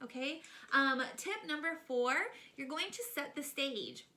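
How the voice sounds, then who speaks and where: A woman's voice: high-pitched, moderate pace, hardly any pauses. A woman hosting a parenting book club vlog, giving chatty, emphatic advice and often checking in with "okay?". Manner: lively and animated.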